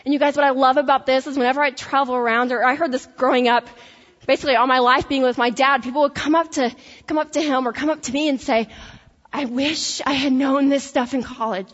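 A woman with a Tennessee accent giving an energetic, faith-based motivational talk to college students, with laughing asides. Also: sits high, fast. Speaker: speaker addressing college students. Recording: echoey hall, dull lo-fi sound.

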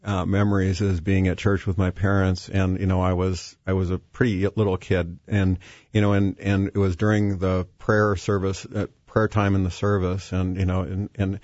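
A man's voice: deep voice, flat delivery, normal speed, a little mellow, dry recording. A man guest talking about faith in a hesitant way, with many fillers and restarts. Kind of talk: faith-based conversation. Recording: dull, dry lo-fi sound.

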